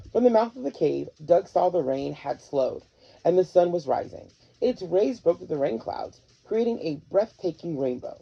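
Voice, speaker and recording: A storybook host giving an expressive, animated read-aloud of a children's story. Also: mid-range voice, moderate pace, vocal fry, breathy edge. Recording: dull lo-fi with faint music.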